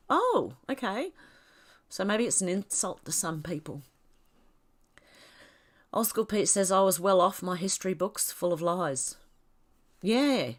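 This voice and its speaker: A woman with an Australian accent hosting a casual livestream, reading out viewer comments and chatting in a rambling way, her nose stuffed up from a cold. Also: fairly low pitch. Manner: chatty, rambling, laughs often.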